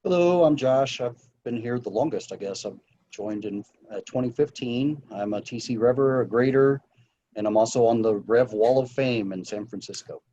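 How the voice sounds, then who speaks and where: A man introducing himself as a webinar panelist, speaking briefly in a low-key way over a video call. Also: normal speed, warm tone. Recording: dull, lo-fi video call audio.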